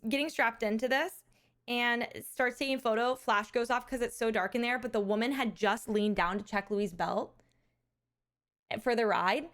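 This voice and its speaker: A woman streamer hosting a charity fundraiser, telling a story in casual chat, animated, laughing often and swearing casually. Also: on the high side, moderate pace.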